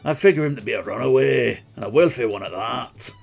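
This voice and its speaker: A man's voice: mid-range voice, animated, fairly quick, vocal fry, slightly rough, exaggerated voice. A man voicing a stubborn retired male innkeeper in an exaggerated put-on Scottish accent. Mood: gruff. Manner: exaggerated, rolling brogue.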